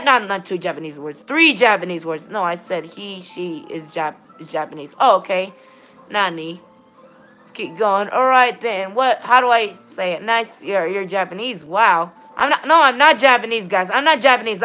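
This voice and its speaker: With a medium-pitched voice that sounds pushed and bright, a woman casually chats with viewers as she streams a game. She tends to stammer, restart, and fall back on "all right, then."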